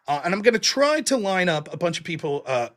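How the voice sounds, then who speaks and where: Lively, high-voiced male stream host. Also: fast talker. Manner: blunt, rambling, mildly profane. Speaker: livestream show host. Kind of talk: casual chat to a live stream audience.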